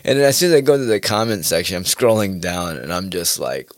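A man's voice: deep voice, sing-song, fast, no room sound, studio quality. A man ranting casually in a rambling, profane monologue, often laughing at his own points.

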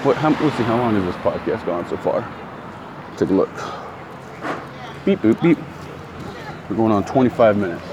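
A middle-aged man with a fairly low voice talks through his podcast while walking outside. He rambles, restarts sentences and breaks off to greet people. Traffic and street noise sit clearly behind him. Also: expressive, fast, muffled recording. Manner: rambling, self-correcting, greets passersby. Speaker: podcast host. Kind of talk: casual walking podcast monologue. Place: outdoors in a town, walking. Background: traffic and street sounds.

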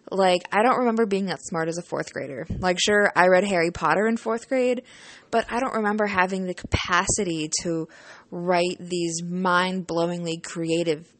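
A woman's voice: medium pitch, no echo. A young adult woman, a student teaching partner, telling a casual storytime vlog. She talks in a chatty, emotional way, leaning on "like" and "you know" and swearing casually.

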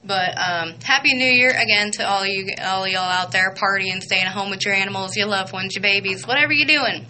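Excited rambling woman host. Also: mid-range voice, a little fast, a little hiss or hum, rough recording. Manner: excited, rambling, many fillers. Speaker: radio show host. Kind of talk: casual chatty radio intro.

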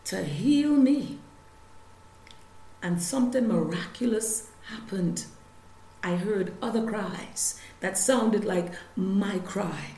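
A woman preaching a sermon, telling her healing testimony and reading scripture with slow emphasis. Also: medium pitch, darkish tone, roomy sound, rough recording.

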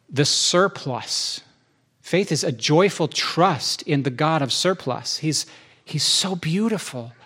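A man's voice: on the high side, a bit bright. A man preaching a sermon in a church, enthusiastic and conversational, often restarting his sentences.

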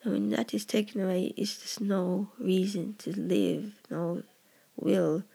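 Gravelly, husky poet musing in halting whispers. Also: mid-range voice, fairly even intonation, mellow. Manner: earnest, halting, drops into whispers. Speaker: poet discussing own poem. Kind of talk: personal reflective monologue.

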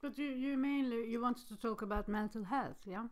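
Smooth-voiced woman chatting haltingly. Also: a little high. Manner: halting, many fillers and restarts. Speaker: podcast co-host. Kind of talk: casual chat.

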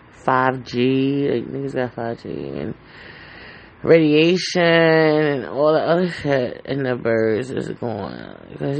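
A man's voice: medium pitch, creaky, a little mellow, slight background noise, low-quality recording. A man hosting a casual solo podcast from home, rambling in an anxious, heartfelt way with lots of fillers and swearing. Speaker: podcast host.

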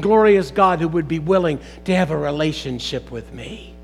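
A man's voice: on the high side, expressive, moderate pace, gravelly, few pauses, poor audio. A man preaching a sermon to a live congregation in church, asking rhetorical questions and building to emphatic exclamations. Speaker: pastor.

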